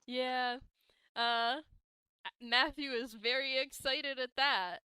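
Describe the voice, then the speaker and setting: A woman running a tabletop game as game master, relaxed and hesitant as she narrates. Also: high-pitched, clear, resonant tone, no echo. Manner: relaxed and unhurried, with many hesitations.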